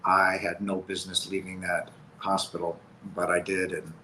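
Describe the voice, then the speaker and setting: A low-voiced man speaks as an interview guest, giving personal testimony. His delivery is earnest and halting, with emotion close to the surface. A faint hiss sits under his voice. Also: little pitch movement, sharp tone, low-quality recording.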